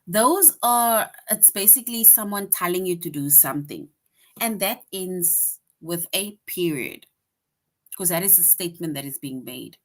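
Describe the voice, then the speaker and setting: A woman's voice: lowish voice, animated, unhurried. A woman teaching a grammar lesson to young children, patient and repetitive, checking in with "right?" after each point.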